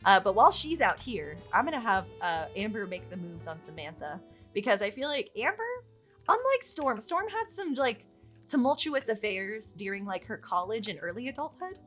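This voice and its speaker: A woman delivers let's play commentary in a chatty, excitable way, swearing freely. Her voice sits at a middling pitch but swings widely up and down as she reacts. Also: moderate pace, soft background music. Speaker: gaming YouTuber.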